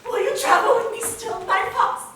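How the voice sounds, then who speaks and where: A woman's voice: very high voice, normal speed, a bit bright, a little hiss or hum. Woman voicing an eerie ghostly chorus. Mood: chanting. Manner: incantatory, repeating lines like an echo. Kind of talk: live stage drama. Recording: echoey theater from far off, faint music.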